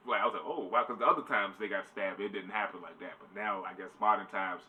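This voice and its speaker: A man's voice: on the low side, steady tone, fast, narrow, tinny audio. A man giving a casual, rambling spoiler review, swearing loosely. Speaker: show reviewer. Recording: distant mic, faint background noise.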